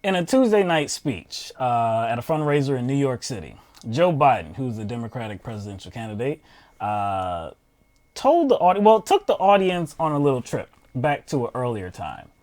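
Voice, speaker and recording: A man co-hosting a political talk show, chatting casually and reading news quotes aloud with frequent pauses and fillers. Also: mid-range voice, sing-song, a little mellow.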